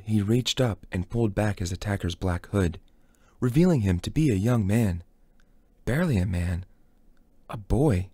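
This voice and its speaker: A man with a low voice reads a novel aloud in steady, dramatic storybook narration. The recording is dry and close, with no room sound. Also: dry recording. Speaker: audiobook reader.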